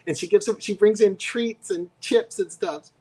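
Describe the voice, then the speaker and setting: A man's voice: high-pitched, steady tone, normal speed, darkish tone, breathy edge. Co-host, male, conversational storyteller who jumps into voiced quotes. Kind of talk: casual chat. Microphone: live stream.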